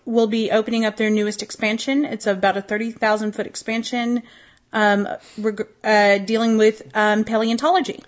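A woman's voice: on the high side, level tone, normal speed, lo-fi sound. A woman co-hosting a podcast in casual chat, matter-of-fact with frequent ums. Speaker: podcast co-host.

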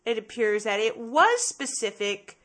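A woman's voice: fairly high pitch, big pitch swings, a little slow, a bit bright. A woman co-hosting a casual podcast chat, emphatic and blunt, swearing freely. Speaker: podcast co-host.

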